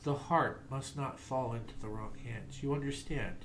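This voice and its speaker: A man voicing a calm, solemn male elf envoy who speaks in a measured, formal way. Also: medium pitch, slight background noise, close to an everyday voice. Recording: roomy echo.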